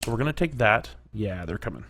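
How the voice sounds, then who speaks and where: A man's voice: lowish voice, very animated, fast, a bit bright. A man narrating his own game play, chatting and reacting aloud, at times dropping to a whisper. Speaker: gaming commentator. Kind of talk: let's play commentary.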